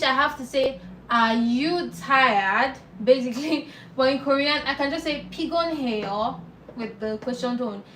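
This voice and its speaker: A woman with a fairly high voice teaches a live online lesson, explaining patiently and repeating each word slowly. She sits back from the mic in an echoey room, with a faint hiss underneath. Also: a bit bright, recorded from a distance. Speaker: Korean language teacher. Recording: roomy echo, off-mic, faint noise.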